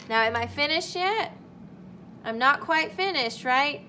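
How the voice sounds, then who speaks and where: A woman's voice: high-pitched, expressive, sharp tone, a little hiss or hum. A young woman teaching a recorded kindergarten lesson, carefully sounding out words for young children. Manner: slow, deliberate sounding-out of words.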